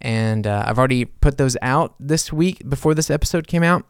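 A man's voice: mid-range voice, normal speed, clear, resonant tone, no room sound, studio quality. A man hosting a podcast as a musician, rambling casually with many fillers and self-corrections. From United States. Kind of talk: casual chat.

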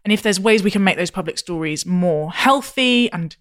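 Chatty, animated female podcast host. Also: lowish voice, normal speed. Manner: animated, chatty, long self-interrupting interjections. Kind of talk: podcast conversation.

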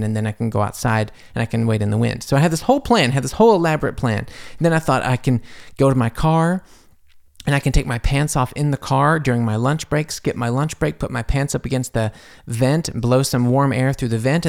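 A man hosting a podcast from his home studio, telling a long personal story in a rambling way with asides, his voice jumping up when he quotes himself. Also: vocal fry. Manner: animated, jumps high when quoting himself. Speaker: podcast host. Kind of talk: casual storytelling monologue.

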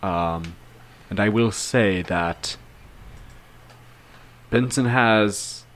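A man playing a tabletop game, calmly describing his character and speaking for him at length. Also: lowish voice, extremely slow, slight background noise. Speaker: player. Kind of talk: tabletop role-play.

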